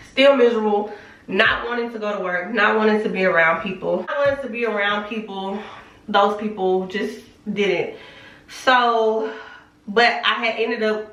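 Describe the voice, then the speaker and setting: A woman's voice: mid-range voice, fairly bright tone, far from the mic, dull audio. A young woman telling a personal faith story in a candid, chatty way, full of fillers. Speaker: vlogger. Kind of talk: casual storytelling testimony. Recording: roomy echo, speaking from off the mic.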